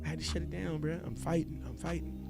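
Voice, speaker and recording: A man's voice: on the high side, quick pace, creaky, loud music behind the voice. A man hosting a casual sports livestream with a loose, rambling, slangy way of talking. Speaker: sports vlog host.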